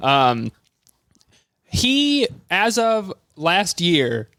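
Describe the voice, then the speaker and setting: A man's voice: sits high, sing-song, extremely slow, fairly bright tone, dry recording, clean studio sound. Rambling, jokey man telling a story. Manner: rambling, jokey, laughs often, acts out other people's lines. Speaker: podcast host. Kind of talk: comedic storytelling chat.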